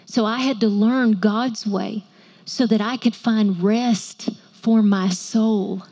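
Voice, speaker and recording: A woman's voice: mid-range voice, fairly even intonation, takes it slowly, mellow, highs cut off. A woman, preaching to women with playful asides and call-and-response. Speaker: women's ministry speaker. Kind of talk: sermon to a women's audience.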